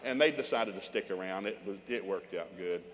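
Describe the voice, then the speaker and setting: Older preacher with a long hall echo. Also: male voice, low-pitched, a little fast, heavy background noise. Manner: humorous, emphatic storytelling. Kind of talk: sermon.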